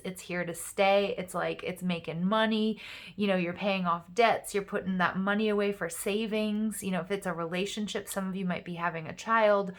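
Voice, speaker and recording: A woman giving a casual, upbeat tarot reading straight to her viewers, encouraging and quick to get excited. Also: mid-range voice. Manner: upbeat, encouraging, excitable, fillers like "you know". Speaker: tarot reader.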